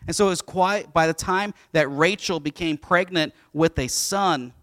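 Man, 40s, pastor preaching casually, acting out the voices; slightly high, dry sound. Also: moderate pace, fairly bright tone, no echo. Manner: casual storytelling, acts out the voices. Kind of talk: sermon.

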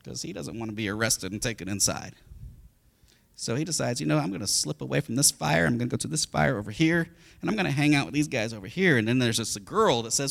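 A middle-aged man preaching a sermon as a pastor, telling the story with lively, animated delivery and acting out the voices of the people in it. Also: mid-range voice, fast talker, gravelly.

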